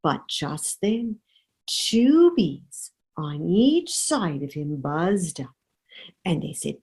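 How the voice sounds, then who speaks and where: A woman storyteller narrating a children's story with an expressive, drawn-out delivery. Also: fairly low pitch, slightly rough, poor audio.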